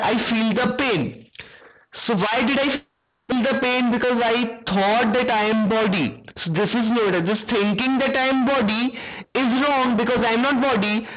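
A woman's voice: on the high side, muffled recording. A woman teaching an online religion class, often quizzing her pupils with questions. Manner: asks pupils frequent quiz questions.

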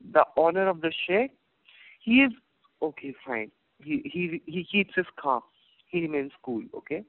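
A man telling a moral story as a motivational talk, often checking in with "okay?", heard over a tinny phone-like line. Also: on the high side.

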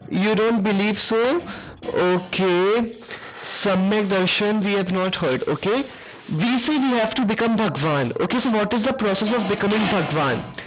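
Woman, class teacher, frequent quiz questions, dull lo-fi call audio. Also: medium pitch. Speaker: religious teacher. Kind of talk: online class for children.

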